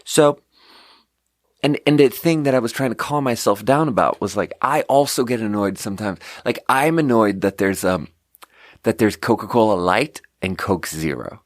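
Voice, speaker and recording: A man's voice: fairly low pitch, normal speed, no room sound, studio quality. A man hosting a podcast, telling a story in a rambling, casual way full of fillers and restarts. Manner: rambling, filler-heavy, animated retelling. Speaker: podcast host.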